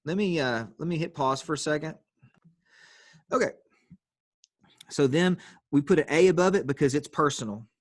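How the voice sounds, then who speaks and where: A man's voice: fairly high pitch, moderate pace, pauses often, no echo, clean studio sound. Patient man teaching grammar on a video call. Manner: patient, explaining step by step, calls on students. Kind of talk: online grammar lesson. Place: online class video call.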